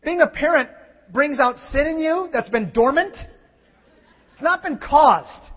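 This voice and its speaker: A man preaching a sermon as pastor. He swings from shouted scripture to quiet, candid confession. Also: very high-pitched, lively intonation, a little slow. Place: church sanctuary. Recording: muffled sound in a large reverberant hall.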